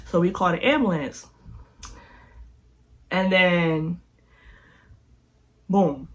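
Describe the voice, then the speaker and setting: Young adult vlogger, casual storytime delivery, animated, slangy, mid-pitched. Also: very slow. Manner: animated, slangy, with lots of filler sounds.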